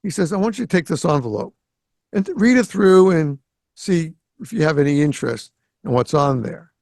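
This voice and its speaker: Gravelly-voiced male storytelling host. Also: on the high side, moderate pace, no room sound. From Greater Boston. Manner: animated storyteller who acts out quoted dialogue. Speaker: podcast host. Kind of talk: casual storytelling conversation. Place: home in South Florida.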